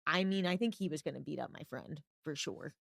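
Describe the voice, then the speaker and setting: Young woman, podcast co-host, lowish voice, dry close sound, chatty with fillers. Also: brisk, vocal fry, fairly bright tone, no echo. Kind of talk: casual chat.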